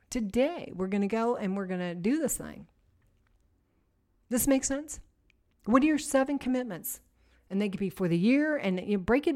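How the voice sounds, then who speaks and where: Female preacher, fairly high voice, lively conversational teaching, emphatic and repetitive, asks the room questions. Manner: energetic, repetitive, emphatic lists; addresses listeners directly with rhetorical questions. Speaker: women's ministry teacher.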